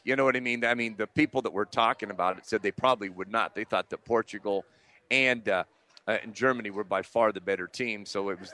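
Fast, bright radio co-host. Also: male voice, on the low side. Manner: chatty, agreeable, rambling restarts. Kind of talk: casual sports radio talk.

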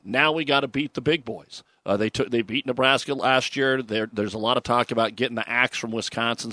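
A man's voice: medium pitch, a bit bright, no room sound. A man hosting a sports radio show, reading news and sponsor spots with the odd filler. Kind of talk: sports radio talk and live ad reads.

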